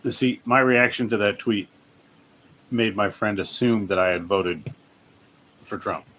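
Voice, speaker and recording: Playing a game on a relaxed livestream, this male host speaks unhurriedly in a fairly low, slightly bright voice, with slight background noise. He chats with viewers in a rambling way, cutting himself off, restarting sentences and laughing a lot.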